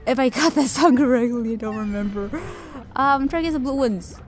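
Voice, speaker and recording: High-pitched, excitable woman gaming. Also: a little fast, soft background music. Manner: excitable, gushing, talks to the viewers. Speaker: gaming video creator. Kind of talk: game commentary.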